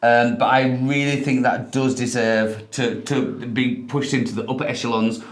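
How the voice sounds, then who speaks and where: A man's voice: mid-range voice, fairly even intonation, moderate pace. A man co-hosting a casual wine-tasting chat, hesitant and full of restarts, laughing easily. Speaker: wine review co-host. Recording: echoey room.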